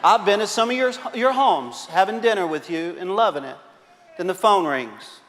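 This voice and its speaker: A middle-aged man preaching a sermon as pastor, telling animated stories with frequent uh fillers and repeats. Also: high voice, normal speed. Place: church sanctuary. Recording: long reverb of a large church hall.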